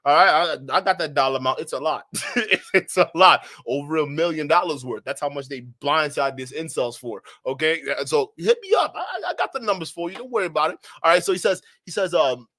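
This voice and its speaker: A man streaming live reaction commentary, his high voice leaping all over the place. He talks slangy and profane, speaks straight to his chat, and cracks up into loud laughter between lines. The tone is bright and forceful. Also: expressive, a little fast.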